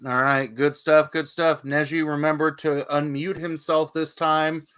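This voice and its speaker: A man's voice: on the high side, level tone, measured pace, fairly bright tone, clear, resonant tone. A man hosting a live comic book auction stream, chatty and joking, who swears casually.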